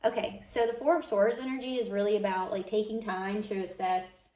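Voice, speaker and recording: A woman's voice: medium pitch, fairly even intonation, brisk, warm tone, far from the mic. A young woman giving a casual tarot reading, rambling and full of "like" and "um.". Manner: rambling, heavy on "like" and "um". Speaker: tarot reader. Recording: echoey room, mic set back.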